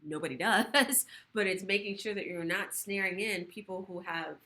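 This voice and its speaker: A woman sexual health educator hosting a casual livestream chat from her living room, talking fast and animated, swearing casually. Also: mid-range voice.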